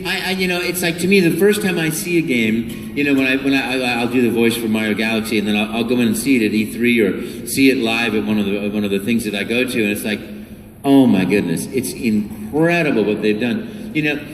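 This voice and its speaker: A man who is a voice actor answering fan questions at a convention panel, enthusiastic and animated, full of restarts, recorded by phone from the audience. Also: mid-range voice, fast talker, hardly any pauses, slight background noise. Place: large convention hall. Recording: echoey hall from far off, phone.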